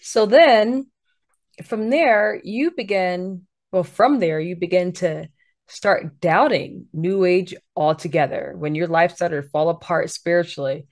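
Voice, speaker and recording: Low-voiced woman interviewer. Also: a little slow. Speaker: interview host. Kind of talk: faith interview.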